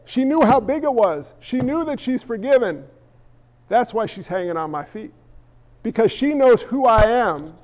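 A male pastor preaching an animated sermon, acting out the voices he quotes. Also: very high-pitched. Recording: echoey hall, dull lo-fi sound.

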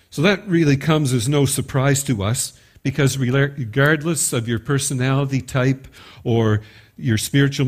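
Brief: middle-aged pastor, relaxed sermon storyteller, average male pitch. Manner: conversational storytelling, occasional stumbles.

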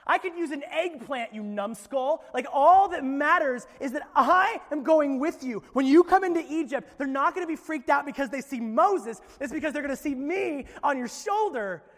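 A man voicing a booming, commanding God as he preaches, loud and emphatic. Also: normal speed, big-room sound. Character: booming all-powerful God, male, commanding.

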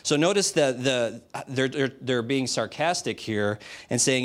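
A man's voice: medium pitch, animated, measured pace, hardly any pauses. A man preaching a sermon in a direct, emphatic, conversational way, asking the audience rhetorical questions. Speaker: pastor.

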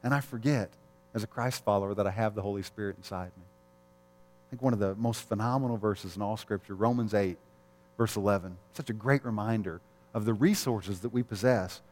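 The long reverb of a large hall carries the voice of a middle-aged pastor preaching a sermon. He speaks fairly low and fairly quick with a slightly mellow tone, keeping it candid and conversational with personal stories and frequent chuckles.

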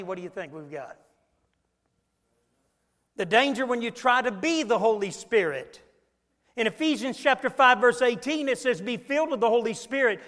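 A male preacher delivering an emphatic sermon, rising to loud peaks and dropping low again. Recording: long echo in a large hall.

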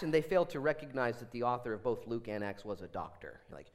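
A man in his thirties, a pastor preaching a sermon in a church, animated, swinging between loud exclamations and hushed asides. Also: medium pitch, a little fast, hardly any pauses. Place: church sanctuary.

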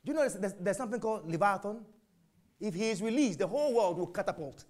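A man preaching a sermon, asking and answering his own questions, jumping from shouts to whispers. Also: high voice, fast. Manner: animated, swings from shouts to whispers.

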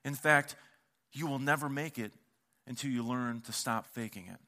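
Bright-voiced pastor preaching animatedly. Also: male voice, medium pitch, normal speed. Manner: animated storytelling, acting out quoted voices; conversational, with casual slang and repeated words. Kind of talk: sermon.

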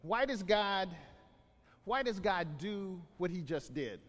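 A man preaching a sermon as pastor, animated, often repeating words as he acts out scenes. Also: sits high, slow, big-room sound.

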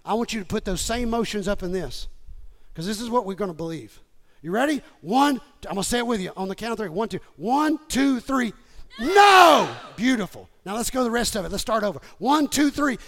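High-voiced preacher shouting emphatically. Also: male voice, fast. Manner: emphatic preacher, swings from low asides to shouting. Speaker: pastor. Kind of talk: sermon.

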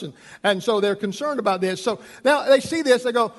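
A high-voiced male pastor delivers a lively sermon and slips into the voices of the people in his story. His voice rings through a church hall with a long reverb trail. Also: a little fast. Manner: animated, acts out the people in the story.

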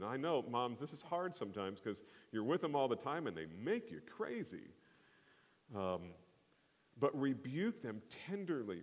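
A man's voice: medium pitch, big-room sound. A middle-aged male pastor preaching a sermon in a conversational way, with fillers and repeated phrases.

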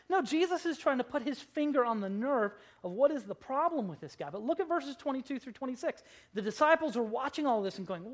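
This pastor's expository sermon comes out sing-song and quick, with few pauses, to a congregation in church. Dramatic with humorous asides, they swing between loud emphasis and hushed, low lines.

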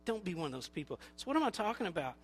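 Male pastor, higher voice, chatty sermon delivery with acted-out quotes, soft music underneath. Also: very animated, racing, breathy edge. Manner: conversational preaching, acts out quoted voices.

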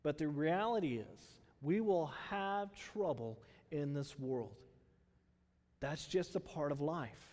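A man preaches to his congregation in a loose, chatty way, throwing out rhetorical questions and leaning on fillers as he goes. His voice sits high for a man. The sound trails off into the long reverb of a large hall. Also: slow pace, darkish tone. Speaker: pastor. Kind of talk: sermon.

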